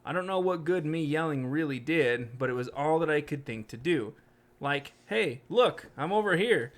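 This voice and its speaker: This young man co-hosts a podcast, reading creepy stories aloud in a casual, jokey way and putting on silly voices for anyone he quotes. His pitch is fairly high and his speed normal.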